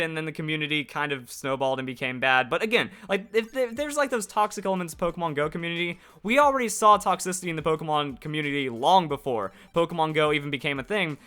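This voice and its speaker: A man's voice: high voice, bright, forceful tone. A man giving opinionated video commentary on a game, reading from an interview and arguing his point in a ranting way with lots of "like". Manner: argumentative and ranting, heavy use of "like". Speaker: YouTube gaming commentator.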